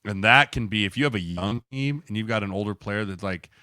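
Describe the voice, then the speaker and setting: A man's voice: on the low side, a little fast, pushed and bright, smooth, no room sound, clean studio sound. A man co-hosting a sports podcast, chatting loosely and tagging points with "right?". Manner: conversational, frequent "right?" and "like". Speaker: podcast co-host, former player. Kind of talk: casual chat.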